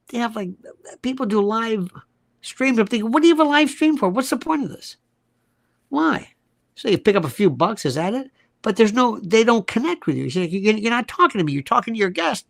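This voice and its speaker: Animated gravelly talk-show host man. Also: high-pitched, no echo, studio quality. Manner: animated, emphatic, repeats rhetorical questions. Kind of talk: live-stream talk show monologue.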